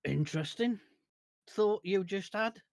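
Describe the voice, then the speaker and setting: A man's voice: high voice, a little slow, vocal fry, no echo, voice pushed up. A man voicing Golder, a wild but friendly male dwarf sailor with a Scottish accent who likes to drink. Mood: jovial.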